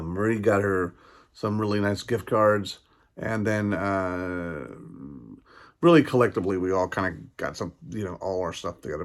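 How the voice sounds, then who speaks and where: Talking into his camera for a casual video message, a vlogger with a lowish voice sounds tired and keeps yawning. He rambles with frequent fillers, restarts and pauses, yet comes across as sincere and grateful.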